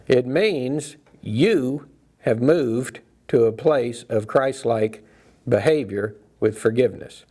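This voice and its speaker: A man with a gravelly, creaky voice of middling pitch leads a Bible study group. He talks casually and reflectively, pausing, restarting and circling back as he works through his points. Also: darkish tone. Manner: reflective, loose, many fillers and restarts. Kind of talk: casual teaching talk.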